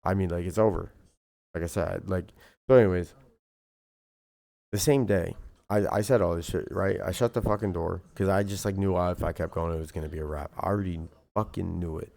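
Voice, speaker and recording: A man with a deep, low-pitched voice and a rough, gravelly edge. He rants to his stream in a heated, profane ramble, packed with fillers and restarts. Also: a little fast, a little mellow. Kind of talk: casual rant to camera.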